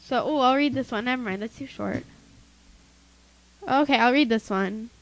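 A teenage girl co-hosts a kids' tech podcast, chatty and giggly as she reads listener emails aloud and adds her own asides. Her voice is fairly high, at normal speed, and the audio quality is poor.

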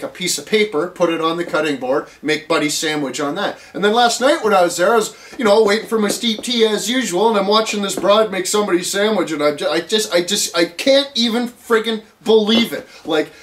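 A man's voice: high voice, a bit bright. Rambling, cursing guy ranting. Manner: rambling, profane, lots of fillers and restarts. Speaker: vlogger. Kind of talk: casual rant to camera.

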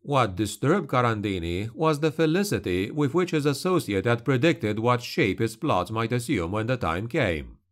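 A man narrating a dark fantasy audiobook in a measured, grave manner. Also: mid-range voice, sing-song.

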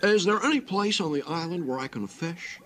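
An actor playing a mild-mannered, awkward young hero in a stop-motion film. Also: male voice, high-pitched, lively intonation, normal speed, fairly bright tone.

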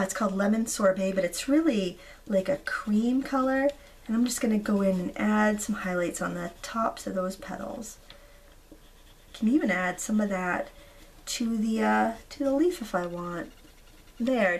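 Hoarse woman chatting through a craft tutorial. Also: mid-range voice, slight background noise. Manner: chatty, relaxed, frequent ums. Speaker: craft video host. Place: indoors at a craft table.

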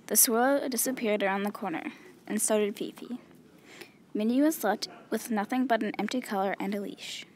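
A woman reading a children's story aloud in a clear, measured storytelling voice. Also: mid-range voice, a little mellow, a little hiss or hum. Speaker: storybook reader.

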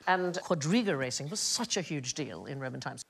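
A woman's voice: sits low, lively intonation, brisk, gravelly, slightly rough. A woman hosting a comedy panel quiz, explaining odd facts in a teasing storytelling way. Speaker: quiz show host. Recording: studio with audience noise.

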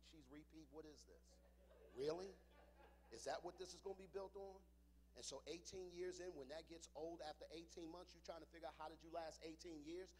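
High-pitched preacher guy, aave, chatty then punchy, quizzes the crowd. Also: darkish tone, slight background noise, poor audio. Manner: conversational preaching, rising to emphatic; quizzes the crowd with call-and-response questions. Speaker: conference speaker. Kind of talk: preaching sermon.

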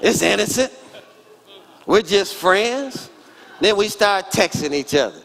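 A man's voice: high voice, animated, takes it slowly, vocal fry, a bit bright. A pastor in his forties preaching a sermon in church, emphatic and calling out to the congregation. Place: church sanctuary.

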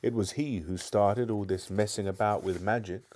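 A man voicing a spirited, sharp-tongued young girl who talks primly and sarcastically, in a live book reading. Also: lowish voice, fairly even intonation, normal speed, a little hiss or hum, close to an everyday voice. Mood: tart. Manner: prim, sarcastic.

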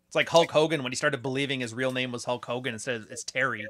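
A man's voice: medium pitch, fast, fairly bright tone. An American man hosting a casual podcast chat, blunt and sarcastic, often mocking others in quoted voices. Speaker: podcast host. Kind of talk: casual conversation.

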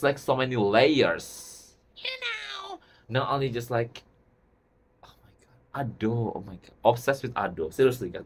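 Gushing YouTube reaction host. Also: medium pitch. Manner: gushing, excitable, repeats "oh my God"; loose non-native English grammar with many "like" fillers. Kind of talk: music video reaction commentary.

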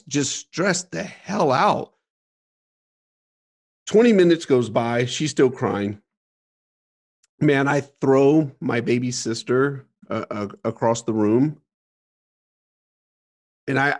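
Gravelly-voiced man telling his story. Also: mid-range voice. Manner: frank, repeats words, swears casually. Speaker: podcast guest. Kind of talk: candid storytelling interview.

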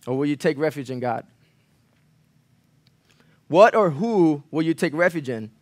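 A man preaching a sermon in a church, earnest, repeating phrases for emphasis, rising loud on key lines and falling quiet after. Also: lively intonation, a little slow, long pauses, no echo, studio quality. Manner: earnest, swells louder on key lines then drops low. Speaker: pastor.

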